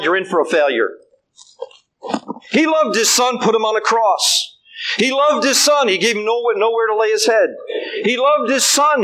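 A man's voice: high voice, a bit bright, slight background noise, rough recording. An older man preaching a sermon, emphatic and repeating his refrains.

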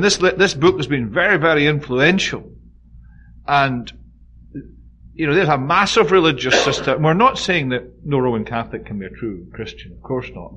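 A man leads a relaxed Bible study, talking through his points in an informal teaching manner. His voice sits a little high, and he hits the key words with weight. Faint noise hums underneath. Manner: informal, frequent "you know", stresses key words emphatically.

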